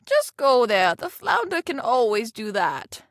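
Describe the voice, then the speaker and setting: A woman's voice: fairly high pitch, sing-song, a little slow, no echo, clean studio sound. A woman narrator voicing a greedy, demanding fisherman's wife in a storybook reading. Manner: bossy and insistent.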